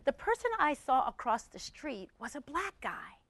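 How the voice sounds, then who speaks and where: A middle-aged woman giving a talk to an audience, animated and punchy, telling stories and playing with the crowd. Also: sits high, moderate pace, no echo, studio quality. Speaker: speaker addressing an audience. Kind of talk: conversational talk with storytelling.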